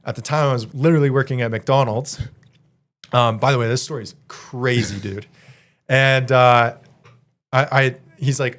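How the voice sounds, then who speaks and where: A young man in his twenties from Canada, a podcast guest telling a story in a casual, slangy, animated way and laughing as he goes. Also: mid-range voice, moderate pace. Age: 20s.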